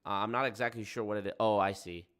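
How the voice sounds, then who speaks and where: A man's voice: on the low side, fairly even intonation, fast, fairly bright tone, clean tone. A young man hosting a livestream, talking in a sarcastic, profane, rambling way. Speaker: livestream host. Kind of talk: casual stream commentary.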